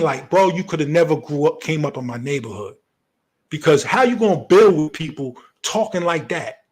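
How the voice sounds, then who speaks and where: A man giving heated, profane commentary, firing off rhetorical questions. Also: sits high.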